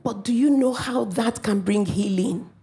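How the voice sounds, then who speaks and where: A woman from Africa preaching a sermon, animated, with playful asides and acted-out quotes. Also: on the high side, a little slow.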